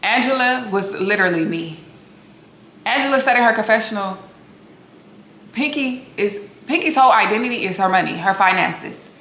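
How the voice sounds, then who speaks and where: A woman's voice: mid-range voice, animated, normal speed, sharp tone. Blunt, sassy woman in an echoey room. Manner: blunt, sassy, profane, talks straight to viewers. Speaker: reality TV recap host. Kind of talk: casual opinionated recap. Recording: echoey room with faint noise.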